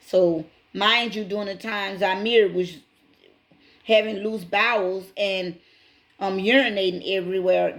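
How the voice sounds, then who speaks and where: A woman's voice: mid-range voice, fairly even intonation, unhurried, a bit bright. A woman hosting her own channel, casually retelling a story to her viewers, speaking emphatically, repeating key points and calling them y'all. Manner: addresses viewers directly as y'all. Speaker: channel host.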